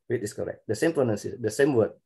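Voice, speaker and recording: A man in middle age lectures with an Indonesian accent, his low voice gravelly and mellow. He repeats himself while drilling pronunciation and chuckles between points. He is heard over a video call. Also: expressive, very fast. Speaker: university lecturer. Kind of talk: online class feedback.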